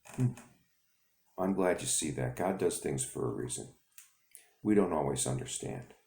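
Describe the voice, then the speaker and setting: A man preaches through a story in a deep voice, and his speech is halting and plain. His voice is dark and mellow. He sounds as if he is in an echoey room. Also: lively intonation, gravelly. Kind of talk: storytelling sermon.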